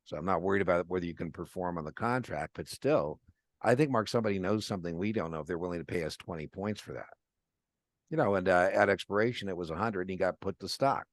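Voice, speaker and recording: A man's voice: sits low, quick pace, dry recording. A man teaching an options class to exam students, chatting informally and acting out client phone calls to explain strategies. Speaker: exam prep instructor. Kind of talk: live online class lecture.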